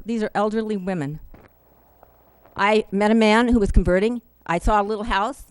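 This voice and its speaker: Lady pleading at a city council mic, halting, kinda emotional, dead dry sound. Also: medium pitch, clean tone, no echo, poor audio. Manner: earnest, emotional, halting with fillers. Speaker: public commenter at city council. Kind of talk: public comment speech. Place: city council meeting room.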